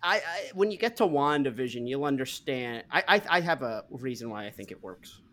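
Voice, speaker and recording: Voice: medium pitch, animated, fairly quick, fairly bright tone, slight background noise. A podcast co-host in casual chat, easygoing, who stammers a little when starting a point.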